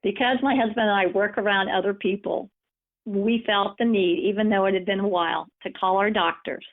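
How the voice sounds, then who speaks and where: A woman coaching through a live webinar, sharing personal stories in an encouraging, storytelling way. Her voice sits at an ordinary middle pitch. The sound is narrow and phone-like, as if it came down a call line. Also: steady tone, fairly quick. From United States. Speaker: empowerment coach and speaker. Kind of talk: webinar presentation. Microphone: webinar call audio.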